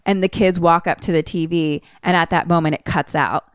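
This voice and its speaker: A young woman co-hosting a podcast, retelling a film in a casual, animated way and laughing often. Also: lowish voice, a little fast, clean tone, no echo, studio quality. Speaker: podcast co-host.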